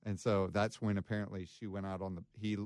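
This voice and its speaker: A man hosting a casual podcast chat, recounting a true crime case with many pauses and restarts. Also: low voice, flat delivery, a little mellow, dry recording, clean studio sound. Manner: hesitant, many fillers and restarts. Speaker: podcast host.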